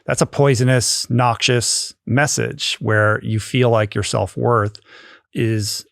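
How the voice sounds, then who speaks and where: Male podcast host, low gravelly voice, wordy and articulate, dry sound. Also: steady tone, takes it slowly, fairly bright tone, no echo. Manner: articulate, uses elaborate vocabulary. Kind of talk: conversational interview.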